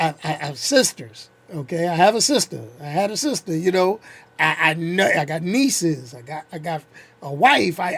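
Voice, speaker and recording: A channel host in his fifties rants bluntly through a casual vlog, his high voice gravelly. He's animated, laughs a lot, and leans heavily on slang.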